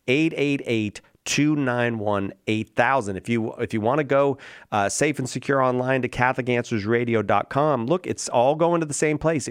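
A man's voice: medium pitch, no echo. Male radio host, urging pledge appeal, dry studio mic. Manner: upbeat, urging, repeats phone number slowly. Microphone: studio microphone.

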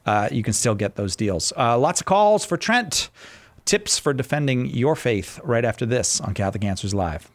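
A man hosting a call-in radio program, with a voice pitched right in the middle. He keeps things light, jokes with his guest and laughs easily. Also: animated. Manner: jokey, laughs easily, quick asides. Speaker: radio show host.

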